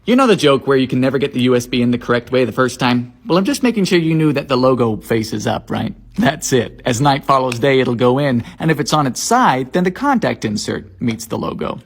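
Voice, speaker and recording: Husky man explaining fun trivia. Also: medium pitch, very animated, a little fast, hardly any pauses. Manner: knowing, explaining trivia to the viewer. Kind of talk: quick explainer comedy sketch.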